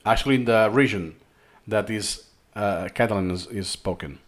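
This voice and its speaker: Spanish accented guy doing a screen tutorial, thinks out loud, repeats himself a lot. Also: lowish voice, moderate pace. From Spain. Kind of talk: screen-recorded tutorial talk.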